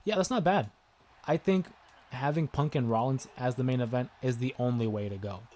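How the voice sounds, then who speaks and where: A man hosting a live stream, chatting casually and getting excited as he comments on a wrestling video game. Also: mid-range voice, normal speed, a little hiss or hum. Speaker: gaming livestream host. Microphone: desk microphone with headphones listeners.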